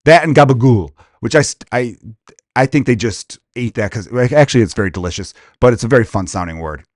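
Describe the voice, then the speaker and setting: A man hosting a comedy podcast, ranting casually in a crude, profane, animated way and slipping into quick impressions. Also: on the low side, dry recording, studio quality.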